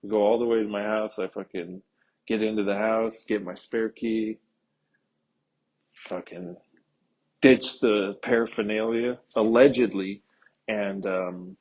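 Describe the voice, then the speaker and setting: A man's voice: lowish voice, fairly even intonation, unhurried, pauses often, a little mellow. A young man, telling a rambling, profane story in a casual podcast monologue. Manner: rambling, profane, laid-back. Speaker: podcast host.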